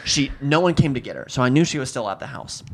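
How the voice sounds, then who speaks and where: A man's voice: mid-range voice, fast, vocal fry. This is a young man in his twenties telling a story on a casual podcast, with a voice in the middle of the usual range for a man. He talks loosely and swears a lot, and he jumps into the voices of the people in his story as he goes. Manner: animated, swearing, acts out quotes. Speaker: podcast co-host.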